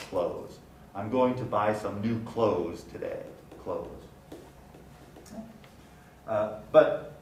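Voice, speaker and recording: A man's voice: on the low side, far from the mic. Man lecturing in a roomy classroom. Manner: explanatory, repeats example words slowly. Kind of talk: university lecture. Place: lecture room. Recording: roomy sound from off the mic, faint noise.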